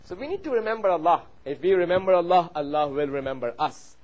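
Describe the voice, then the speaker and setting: A man delivering a sermon in English, a native Persian speaker, rising loud on key points and dropping low and quiet when telling a story. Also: expressive, a little fast, poor audio. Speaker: preacher.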